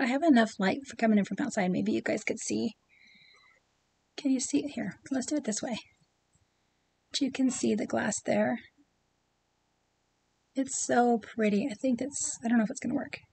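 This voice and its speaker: A middle-aged woman talks casually to camera about her collection. Her voice sits a little high, and she fills her talk with ums and friendly asides. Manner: chatty and warm, many ums and asides. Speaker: pin collecting vlogger.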